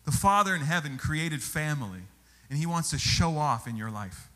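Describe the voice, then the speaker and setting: A male pastor preaching a sermon, telling stories with animated exclamations. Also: on the high side, moderate pace. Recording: long hall reverb.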